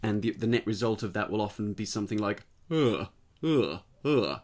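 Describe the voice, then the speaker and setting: A man giving a casual spoken singing lesson, explaining step by step and checking in with the listener, his voice tired and slightly husky. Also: on the low side, flat delivery, fast talker, a little mellow. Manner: explanatory, conversational, often checks in with "right?". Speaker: voice teacher.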